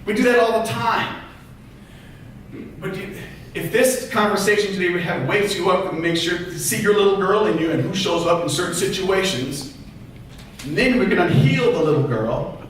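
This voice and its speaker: A man giving a motivational talk as a therapist, animated, firing rhetorical questions at the audience. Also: high voice, normal speed, slight background noise. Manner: animated, acts out quoted voices, fires rhetorical questions. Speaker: therapist and public speaker. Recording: echoey hall, voice from far off.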